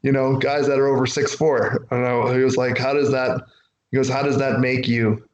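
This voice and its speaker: A man's voice: mid-range voice, little pitch movement, moderate pace, a little mellow, muffled recording, a little hiss or hum. Rambling storytelling man, echoey room. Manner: rambling, acts out quotes from others. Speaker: wrestler guest. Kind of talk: casual interview storytelling.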